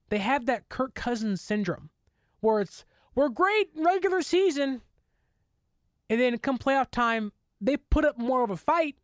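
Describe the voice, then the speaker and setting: A woman hosting a sports talk show, rambling excitedly as a fan, with many fillers. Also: on the high side, no room sound, studio quality. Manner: mock voices for quoted people. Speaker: sports podcast host. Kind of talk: casual sports commentary.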